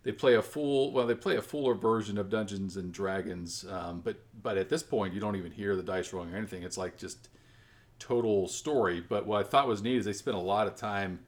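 A man's voice: on the low side, fairly quick. A man hosting a family tabletop game podcast, chatting casually and rambling with many self-corrections. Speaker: podcast host and game master. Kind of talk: casual chat.

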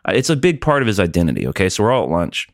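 A man's voice: low voice, very fast, no echo, clean studio sound. A man in casual podcast chat, telling stories animatedly, mimicking people and swearing freely. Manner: animated storyteller, mimics others in exaggerated voices.

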